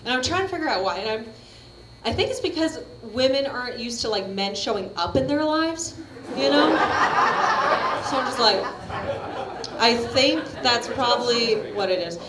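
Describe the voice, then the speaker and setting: A woman's voice: fairly high pitch, expressive, moderate pace, long pauses, background noise. A woman doing a stand-up comedy set, talking in a brash, chatty, profane way and laughing at her own jokes. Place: comedy venue at a coffee shop. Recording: roomy live stage recording with crowd. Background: audience laughter.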